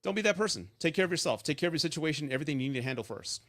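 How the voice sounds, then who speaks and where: He talks very fast in a slightly high, fairly bright voice with lively intonation. On his live advice stream about divorce and dating, he's casual, blunt and foul-mouthed, storytelling and checking in with plenty of "right?".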